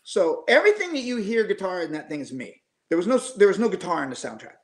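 A man in his fifties, a guest musician, telling animated anecdotes casually over a video call, with frequent restarts. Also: high voice, quick pace. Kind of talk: casual storytelling. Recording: echoey room.

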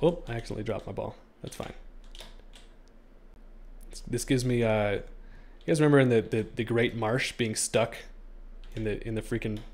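A young man giving playful let's-play commentary on a game, joking with the creatures he tries to catch. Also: lowish voice. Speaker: gaming streamer.

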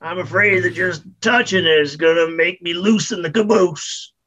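A coarse, grumpy cowhand with a high, husky, bright voice, as a man acts him out in a tabletop game. He blurts gruffly, and the recording sounds dull and lo-fi. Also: normal speed, full character voice.

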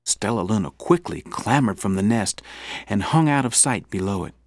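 A man narrating a children's storybook in an expressive, gently dramatic way. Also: on the low side, moderate pace, no echo, clean studio sound. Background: background music.

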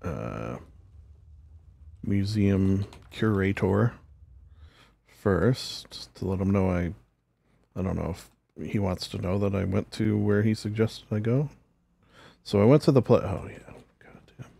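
Gravelly low-voiced man playing a game. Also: lively intonation, slow pace, long pauses, dark tone, no room sound. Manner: rambling, jokey, talks to himself. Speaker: gaming channel host. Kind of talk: casual role-play game commentary.

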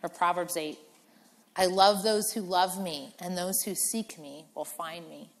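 A woman pastor preaching a sermon, animated, acting out the voices of biblical figures and of her listeners. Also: fairly low pitch, measured pace. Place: church.

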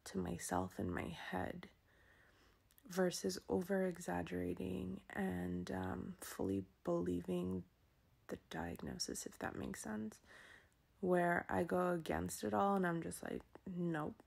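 A woman in her thirties vlogging from a doctor's procedure room, talking softly and often in a whisper, halting with fillers, in pain and a little out of breath. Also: on the low side, creaky, slightly rough. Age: 30s. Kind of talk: personal vlog.

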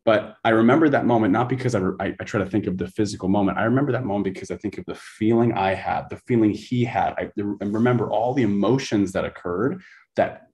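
A man's voice: fairly low pitch, quick pace, a little mellow. A man speaking as a coach in an interview, telling stories intensely and repeating phrases for emphasis. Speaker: podcast guest, coach. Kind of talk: conversational interview storytelling.

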